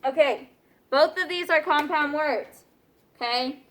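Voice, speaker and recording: Woman teacher, high and bright, patient classroom instruction with frequent check-ins. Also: unhurried. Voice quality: clear, patient, questioning students often.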